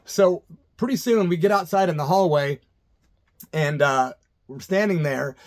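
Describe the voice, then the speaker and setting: Middle-aged man, slightly high voice, casual storyteller, laughs a lot, imitates people in quotes. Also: a little slow. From Illinois, USA. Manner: laid-back, laughs often, acts out voices in quotes. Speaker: vlogger telling a personal story.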